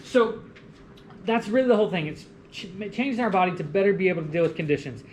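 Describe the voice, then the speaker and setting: Male college lecturer, animated and jokey, roomy classroom sound with faint hum. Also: high-pitched, quick pace. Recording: echoey classroom with faint room noise.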